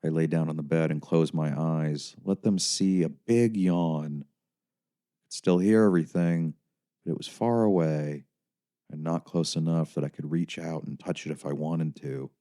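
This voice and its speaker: A man narrating a first-person audiobook in a wry, bleak, deadpan way. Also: a bass voice, unhurried.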